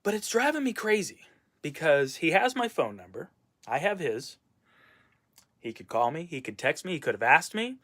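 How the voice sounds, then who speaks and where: A man's voice: a little high, sing-song, normal speed, fairly bright tone. A man talking casually in a vlog, rambling and venting about a former boss with many fillers and asides. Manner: frequent fillers and trailing asides. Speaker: vlogger and musician.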